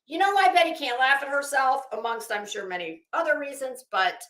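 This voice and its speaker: A woman's voice: high voice, expressive, fairly quick, fairly bright tone. A woman hosting a live stream, reading chat messages aloud and giving catty, sarcastic gossip commentary with plenty of swearing. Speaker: livestream host. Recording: roomy echo.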